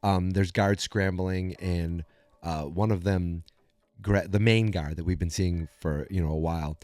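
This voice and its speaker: Chatty podcast host, lowish dry voice. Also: male voice, a little slow, dry recording. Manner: chatty, animated storytelling with many fillers and restarts. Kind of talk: casual episode recap.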